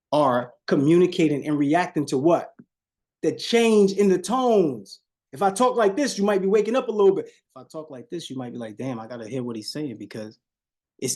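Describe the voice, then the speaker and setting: Leading a live sales coaching call, a man with a somewhat high voice and a dark, mellow tone preaches and repeats phrases. He deliberately drops his voice low and slow for effect, keeps turning to his listeners, and calls them "y'all."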